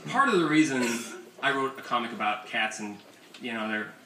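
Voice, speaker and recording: At normal speed and in an expressive mid-range voice, a young comics author gives a talk in an indoor bookstore event space, sharing profane stories that mock himself. It was picked up by an audience camera far away, sounding roomy and distant with ambient room noise.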